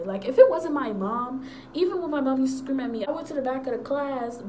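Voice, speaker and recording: A young woman telling a story from her school days in a casual, animated way, acting out what people said. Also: fairly high pitch, a little hiss or hum, low-quality recording. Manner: animated, acts out quotes, slangy. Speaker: storyteller vlogger.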